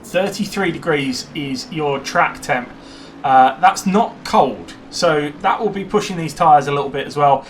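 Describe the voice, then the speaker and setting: A man giving live commentary on a sim race, chatty and excitable when cars overtake. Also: fairly high pitch, measured pace, a little hiss or hum.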